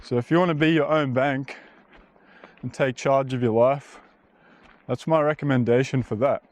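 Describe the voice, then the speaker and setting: A man's voice: medium pitch, fairly even intonation, moderate pace. A man talking bluntly and casually while walking a bush trail, rambling and swearing now and then. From Australia. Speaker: vlogger. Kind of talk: casual walking vlog monologue.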